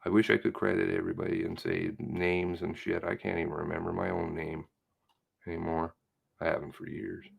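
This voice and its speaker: A man's voice: low-pitched, level tone, fairly quick, gravelly, breathy edge. A man giving rambling, profane commentary while reading through material, muttering to himself and then flaring up. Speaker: independent online investigator.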